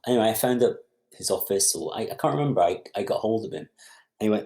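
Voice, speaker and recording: A man's voice: low-pitched, fast talker. A middle-aged man, a film director and podcast guest, telling a long anecdote and acting out other people's lines as he goes. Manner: lively storyteller who acts out other people's lines. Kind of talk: anecdotal storytelling in conversation.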